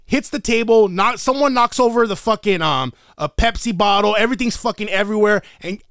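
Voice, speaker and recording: A man's voice: sits high, a little fast, dry recording, clean studio sound. A man telling a story in casual chat, swearing constantly and using slang. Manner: profane, slangy, animated retelling. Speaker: podcast co-host.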